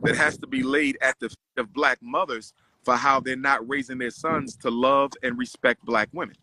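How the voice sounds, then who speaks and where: A man preaching emphatically, bright and forceful. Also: medium pitch, fairly even intonation, moderate pace, slight background noise. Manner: preacherly, emphatic, repeats phrases. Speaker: host. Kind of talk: casual street interviews and commentary.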